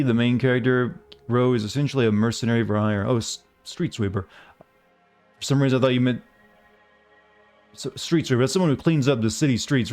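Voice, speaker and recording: A man's voice: mid-range voice, a little mellow. A man streaming a game, chatting casually and ramblingly with his live viewers and greeting them by name.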